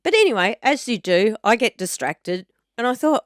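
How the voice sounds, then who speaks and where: A woman's voice: on the high side, big pitch swings, moderate pace, dry recording, studio quality. Chatty woman telling a story. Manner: chatty storyteller, laughs often. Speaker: podcast co-host. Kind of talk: casual chat.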